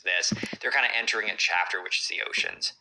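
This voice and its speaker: A man's voice: sits low, fast, gravelly, background noise. A man casually telling a classroom story on a podcast, animatedly acting out the characters in quoted voices.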